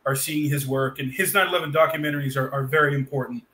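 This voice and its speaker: A man's voice: mid-range voice, fairly even intonation, fast, sharp tone. A man from Boston co-hosting a casual podcast, talking in long, rambling stretches full of fillers and restarts. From Boston, USA. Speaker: podcast co-host.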